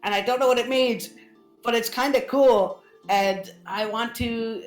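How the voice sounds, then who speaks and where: A woman voicing an excitable aging male hermit scholar who is easily awed and prone to outbursts. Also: fairly high pitch, unhurried, voice pushed up, natural voice. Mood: eager. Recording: roomy with faint music.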